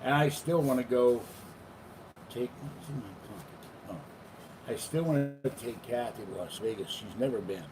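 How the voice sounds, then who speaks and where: A man's voice: mid-range voice, lively intonation, normal speed, recorded from a distance. An older man chatting in a meandering, casual way as he vlogs from home, now and then cooing to his cats. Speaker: vlogger. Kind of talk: rambling casual vlog. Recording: noisy home recording.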